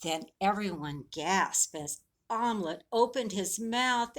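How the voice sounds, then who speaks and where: A woman reading a picture book aloud to children at a library storytime, slow and expressive. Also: mid-range voice.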